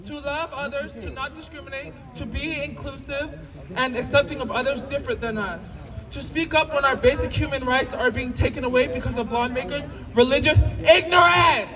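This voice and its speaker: High-voiced young woman at a rally. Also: moderate pace. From Utah. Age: 20s. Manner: emotional, tearful at times, shouting to the crowd. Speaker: rally speaker. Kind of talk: impassioned rally speech. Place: outdoor rally in a city. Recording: distant outdoor rally recording with crowd and echo. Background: crowd noise.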